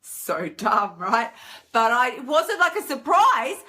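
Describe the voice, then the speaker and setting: A woman hosting a live stream, talking in a chatty, animated way and leaping into high voices when she acts out her inner thoughts. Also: takes it slowly. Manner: chatty and animated, with big pitch swings for acted inner voices. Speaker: host. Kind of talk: casual live-stream monologue.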